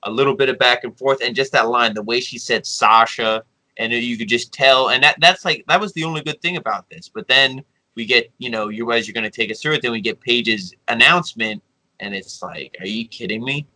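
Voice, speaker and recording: A man with a strikingly bright, sharp tone talks through a wrestling show in a loose podcast chat. He rambles and gets animated, slipping into quick acted-out lines of what was said. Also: mid-range voice, poor audio.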